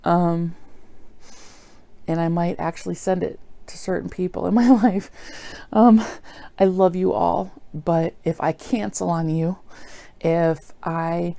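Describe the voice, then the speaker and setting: A woman's voice: on the low side, gravelly, dark tone, no echo. A middle-aged woman talking earnestly and apologetically in a rambling personal video diary, full of fillers. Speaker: vlogger.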